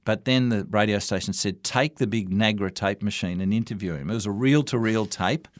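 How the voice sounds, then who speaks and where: An older Australian broadcaster recounts his years as an MC, voice sitting a little low. The sound is dry and close, with no room around it. He tells his stories with quoted dialogue. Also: a little fast, no room sound. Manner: anecdotal, warm storytelling with quoted dialogue. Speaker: radio broadcaster and MC. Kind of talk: storytelling interview answers.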